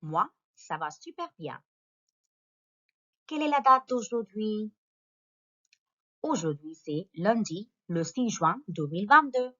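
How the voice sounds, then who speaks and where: A woman teaching a recorded lesson to school pupils, slowly repeating each phrase so they can copy it. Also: mid-range voice, big pitch swings, pushed and bright, lo-fi sound. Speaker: French teacher.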